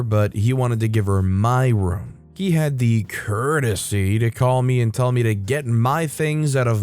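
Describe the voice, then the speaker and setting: A man hosting a storytelling channel, reading online stories aloud in an expressive, upbeat way with frequent lifts in pitch. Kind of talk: scripted narration of online stories.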